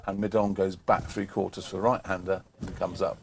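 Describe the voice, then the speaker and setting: A man calmly commentating on a local cricket match, listing field placings and the score. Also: low voice, brisk, creaky, a little hiss or hum. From England. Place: cricket ground, outdoors.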